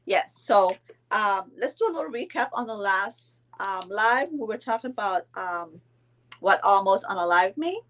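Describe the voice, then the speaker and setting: A woman's voice: mid-range voice, expressive, a little slow, fairly bright tone. Chatty woman from Belize. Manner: chatty, rambling, many fillers and restarts. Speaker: vlogger. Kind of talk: casual live-stream chat.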